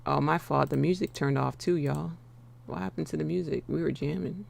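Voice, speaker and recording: A woman's voice: low voice, fairly even intonation, a little fast, vocal fry, darkish tone. An American woman hosting a live trading stream, chatting playfully with her viewers and laughing often. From United States. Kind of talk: casual live-stream chat.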